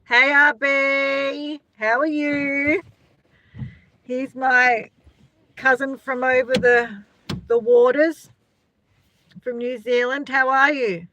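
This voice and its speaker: A woman's voice: high-pitched, steady tone, slow, long pauses, pushed and bright, no room sound, dull audio. A middle-aged Australian woman chatting casually on a live stream, rambling and greeting viewers by name as she reads their comments. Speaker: livestream host.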